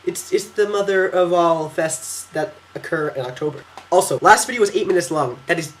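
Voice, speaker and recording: Fast-talking excitable teenage boy. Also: fairly high pitch. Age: teens. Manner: fast, excitable, acts out quotes in silly voices. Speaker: exchange student vlogger. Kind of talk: casual storytelling vlog. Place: at home by his computer.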